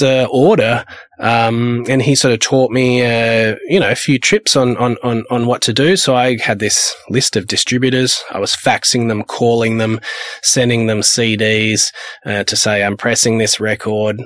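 A man's voice: medium pitch, a bit bright, no room sound. A man from Perth, a music producer and label owner who tells rambling, anecdotal stories in a casual interview. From Perth, Australia. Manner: rambling, anecdotal, acts out the people in his stories.

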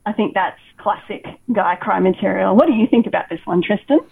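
A woman co-hosting a film podcast, chatting in an animated, opinionated way over dull lo-fi audio. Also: mid-range voice, brisk, creaky, slightly rough. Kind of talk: casual film chat.

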